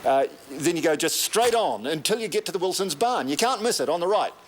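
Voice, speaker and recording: Flustered rural property manager, stammers and corrects himself, lively slightly high voice. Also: male voice, brisk. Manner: hesitant, correcting himself repeatedly. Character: flustered male property manager, muddled and defensive.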